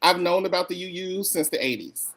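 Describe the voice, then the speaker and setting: A woman's voice: lowish voice, a little fast. A woman co-hosting a casual podcast conversation, telling stories emphatically over a video call. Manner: emphatic, animated storyteller.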